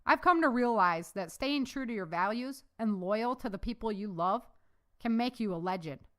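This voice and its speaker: A woman's voice: fairly high pitch, lively intonation, normal speed, close to an everyday voice. A woman voicing an earnest, heartfelt young woman who survived a disaster.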